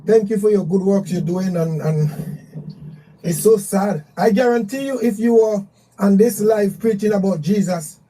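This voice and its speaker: Emotional high-voiced male caller, dark tone. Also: a little slow, recorded from a distance, low-quality recording. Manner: emotional, rambling, repeats himself. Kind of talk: emotional call-in remarks.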